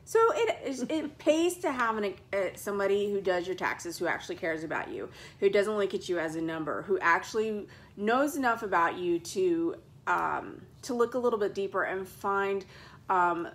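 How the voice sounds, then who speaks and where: A woman hosting a casual chat show, talking in an animated, dramatic way and acting out scenes in high squeals. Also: normal speed. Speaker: podcast host.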